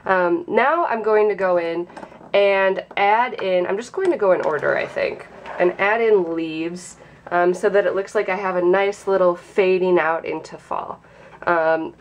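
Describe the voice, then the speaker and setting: Young woman, nasal sinus-cold voice, slightly low pitch, chatty relaxed craft tutorial. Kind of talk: casual how-to tutorial.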